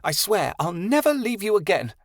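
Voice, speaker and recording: A man's voice: high voice, big pitch swings, normal speed, no echo, studio quality, voice pushed up. A man voicing an emotional young woman, a loving older sister with a quivering, heartfelt way of talking. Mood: tearful.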